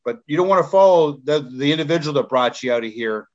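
A man's voice: fairly high pitch, animated, quick pace, highs cut off. A man preaching earnestly in an online Bible class, repeating himself as he exhorts the listeners, while ill with covid. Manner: repetitive, earnest exhortation with stumbles.

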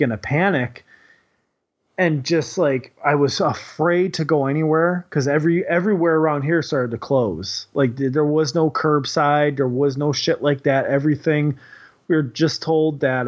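Rambling, profane man with a slightly high voice. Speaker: kindergarten teacher. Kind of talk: casual storytelling chat. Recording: dull lo-fi recording.

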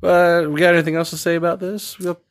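A man's voice: sits high, level tone, fast. A man hosting a podcast, chatting about a film in a laid-back way and signing off the show. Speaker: podcast host. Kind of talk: casual film review chat.

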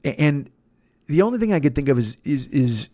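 A man's voice: fairly high pitch, sing-song, brisk, warm tone, dry recording, studio quality. A man in his fifties hosting a comedy podcast, telling a long story in a casual, profane way, full of restarts and self-interruptions. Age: 50s.

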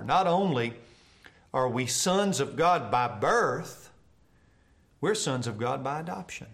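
An earnest male pastor delivers a sermon for a church broadcast. He tells stories at a mid-range pitch and often lets his voice fall quiet and soft for the tender parts. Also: animated, slow, creaky, long pauses. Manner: earnest storytelling preacher, voice dropping soft for tender moments.

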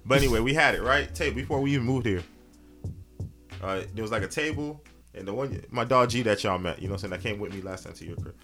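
A man hosting a casual chat, telling loose slang-filled stories and jumping up high when he quotes his own reactions. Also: quick pace, a bit bright, soft background music.

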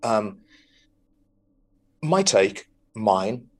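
A man co-hosts a podcast, casually chatting about a TV episode in the style of a loose film review, rambling with plenty of ums, restarts and swearing. His voice sits lowish and is very animated, yet he speaks extremely slowly.

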